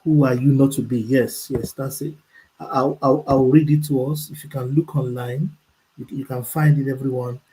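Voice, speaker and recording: Man, motivational coach, warm mellow voice, preachy, emphatic, video call. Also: medium pitch, steady tone, slightly rough, poor audio. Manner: preachy, emphatic, reads quotes slowly. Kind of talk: motivational talk on a group call.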